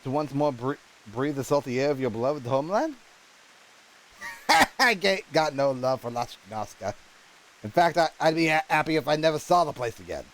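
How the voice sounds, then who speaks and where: A man voicing a gruff, hard-drinking male gunsmith instructor in a put-on rough British accent, reading game dialogue aloud and stumbling over words. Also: on the high side, big pitch swings, normal speed, a bit bright, a little hiss or hum, rough recording. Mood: grumbling. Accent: put-on rough British-style.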